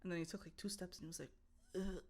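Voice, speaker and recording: A woman's voice: fairly low pitch, racing, noisy background. A young woman co-hosting a podcast, casually telling a story with lots of swearing, acted-out voices and laughter. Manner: animated, swears, acts out voices and laughs a lot. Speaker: podcast co-host. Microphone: streaming setup mic.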